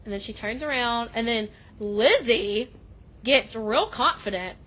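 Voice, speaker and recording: A young woman with a slightly high voice chats through a show recap as a podcast co-host. She laughs often and fills her sentences with "like.". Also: unhurried, fairly bright tone. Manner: chatty, laughing, frequent "like" fillers. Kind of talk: casual recap chat.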